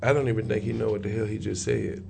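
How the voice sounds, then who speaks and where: A man in casual chat who reacts with laughter and excitement. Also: on the low side, quick pace, vocal fry, a little hiss or hum.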